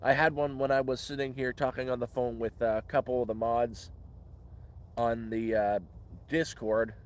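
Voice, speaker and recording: A livestream host takes questions in a relaxed Q&A session outdoors among the trees, wandering off topic and restarting words. He speaks at a medium pitch with a flat delivery and a moderate pace.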